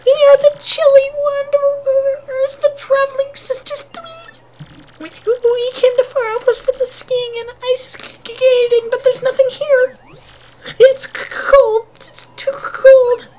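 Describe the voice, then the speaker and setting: A woman voicing three whiny, shivering young sisters in a very high, shrill voice. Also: level tone, slow, mellow. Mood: shivering complaint.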